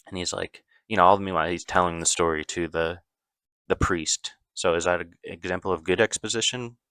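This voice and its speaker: A man's voice: sits low, fairly bright tone, clean tone, no echo. A man casually recapping a movie plot, rambling loosely with lots of fillers and self-corrections.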